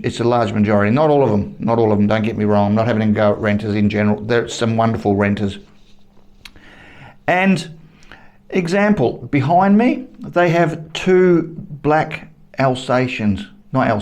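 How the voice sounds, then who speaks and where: A man's voice: lowish voice, a little mellow. A man with an Australian accent delivering a heated, blunt opinion rant to camera as a vlogger, swearing freely and repeating himself for emphasis. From Western Australia.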